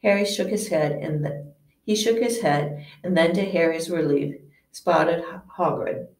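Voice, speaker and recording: A woman's voice: on the low side, unhurried, darkish tone. A woman, a teacher, reading a novel aloud in an unpolished way, with frequent slips and restarts. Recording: echoey room, distant mic.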